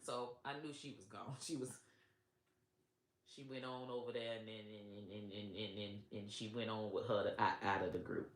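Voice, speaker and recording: A woman's voice: a bass voice, steady tone, moderate pace, echoey room, slight background noise. A woman comedian telling a profane, comic story and laughing between her lines.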